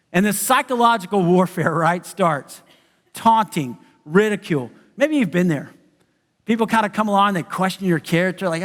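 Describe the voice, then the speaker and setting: A man's voice: high voice, fairly quick, fairly bright tone. A man preaching a conversational sermon as pastor, who acts out the voices of the people he quotes. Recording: church sanctuary with long reverb.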